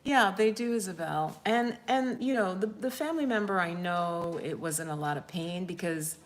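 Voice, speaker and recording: A woman's voice: lowish voice, normal speed. A woman life coach chatting candidly on a live stream, rambling as she answers viewer comments.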